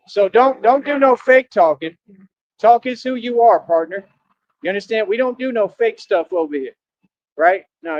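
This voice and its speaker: A man's voice: high-pitched, dry recording, muffled recording. A man from Austin, Texas, ranting confrontationally on a livestream in streetwise slang with lots of repetition.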